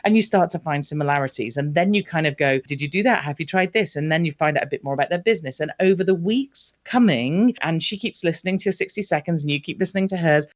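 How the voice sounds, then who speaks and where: A woman's voice: low voice, fast, few pauses. A woman, a marketing expert guest, talking casually and acting out example conversations as she explains. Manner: lively storytelling, acts out conversations. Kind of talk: casual interview talk. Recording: dull lo-fi audio.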